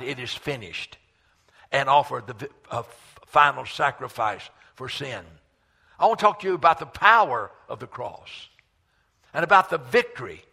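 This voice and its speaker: A man preaching a sermon, impassioned, swelling loud and dropping low, with stammered restarts. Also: breathy edge.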